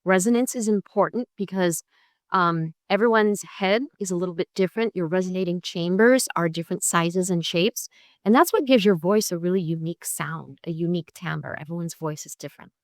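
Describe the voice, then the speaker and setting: Middle-aged woman, lecturing teacher type, slightly low voice, dry close computer mic. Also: fairly quick, no echo. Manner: clear, patient teaching, checks in with "right?" and "okay?". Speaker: music therapy professor. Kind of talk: online lecture with vocal exercises. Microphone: computer mic on a video call.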